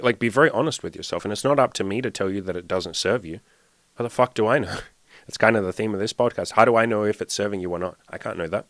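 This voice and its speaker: A man's voice: sits low, a bit bright, no room sound. A young man hosting a candid solo podcast as a dating and self-improvement coach, talking bluntly, swearing often and repeating himself for emphasis.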